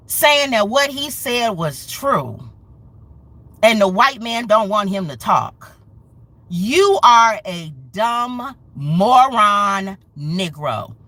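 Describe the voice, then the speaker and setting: A woman's voice: on the high side, pushed and bright, no echo. A woman hosting a commentary show, speaking in an impassioned, angry, emphatic rant. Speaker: show host.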